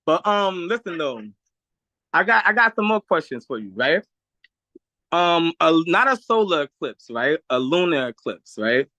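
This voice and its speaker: A man with a New York accent, calling in to a debate, talking fast and pushing his point with restarts. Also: fairly high pitch, sing-song, pushed and bright, dry recording, highs cut off. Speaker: caller. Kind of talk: call-in debate.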